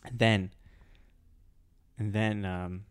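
A man's voice: fairly low pitch, level tone, very slow, clear, resonant tone. A man in a casual chat, playfully telling a made-up story, laughing, with frequent restarts.

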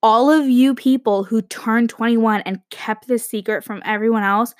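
A young woman in her early twenties, chatting casually and rambling, with lots of "like" and quick self-interruptions. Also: fairly high pitch, dry recording, studio quality. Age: young adult. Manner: rambling, chatty, heavy use of "like", frequent laughs and self-interruptions. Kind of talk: casual monologue to camera.

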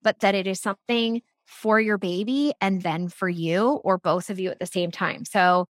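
Brief: middle-aged woman, chatty storyteller, mid pitch, very dry close recording. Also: fairly even intonation, moderate pace, no echo. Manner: chatty storytelling with laughs and restarts. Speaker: guest, product founder. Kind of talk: casual interview chat.

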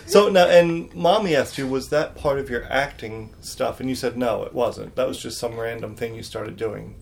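A father with a rough, gravelly voice talks with his child at home. He keeps the conversation going with encouraging questions in a relaxed family chat. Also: mid-range voice, normal speed, slight background noise. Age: adult. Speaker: parent co-host talking with his child. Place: home during a thunderstorm.

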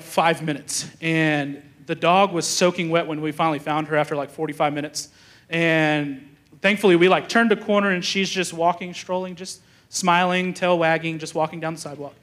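A man's voice: high voice, fairly bright tone. A man in his thirties preaching a sermon in a church, telling a story in a chatty way and talking back and forth with the congregation. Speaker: pastor.

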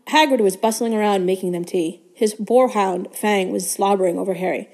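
A woman's voice: medium pitch, moderate pace, hardly any pauses, a little mellow. Woman reading a storybook aloud. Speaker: guest reader. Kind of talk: reading a children's novel aloud.

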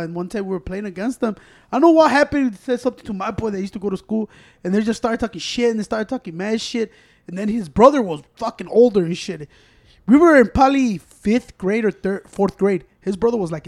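A man from Chicago with a Mexican-American accent spins a profane story in rapid, casual chat. He slides between English and Spanish mid-sentence. His voice sits high for a man, and he rushes through every line. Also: darkish tone. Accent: Chicago Mexican-American, mixing Spanish. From Chicago, USA.

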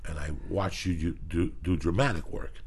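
A man's voice: deep voice, normal speed, breathy edge. A man hosting a podcast, chatting casually in a rambling, profane way. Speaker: podcast host.

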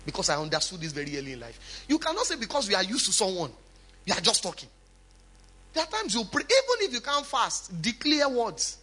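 Male pastor, sermon. High, husky-edged voice that swings widely in pitch; emphatic, conversational preaching. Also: a little fast. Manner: preaching with lively emphatic swings, chatty asides.

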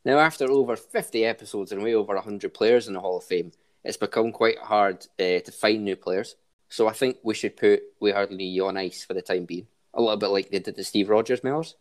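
A man's voice: on the low side, a little fast. A man hosting a casual podcast chat, running a quiz in an upbeat way. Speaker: podcast host.

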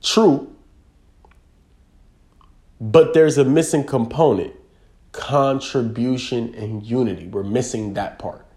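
A man with a dark, mellow voice delivers a spiritual talk. He repeats his key words for emphasis and keeps checking in with the listener. His delivery is earnest and insistent. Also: medium pitch, slow, long pauses.

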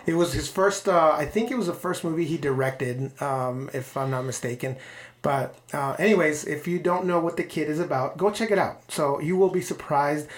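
A man's voice: on the high side, moderate pace. Rambling podcast co-host man. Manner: rambling, repeats words, laughs often. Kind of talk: casual chat.

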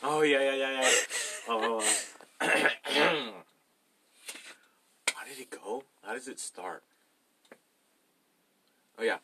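A man co-hosting a podcast, chatting casually and joking, telling stories in an animated way with restarts. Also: medium pitch, slow pace, pauses often, heavy background noise. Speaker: podcast co-host. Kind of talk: casual chat.

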